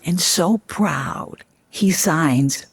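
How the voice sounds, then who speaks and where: A woman guest telling a family story with lively, laughing delivery on a podcast. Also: low-pitched, extremely slow, husky, dry recording. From Chicago. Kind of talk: animated anecdote telling.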